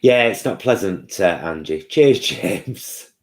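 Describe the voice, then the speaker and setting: A man's voice: fairly low pitch, lively intonation, slow pace. A man hosting a casual live-stream chat, chatty and answering viewers' comments by name.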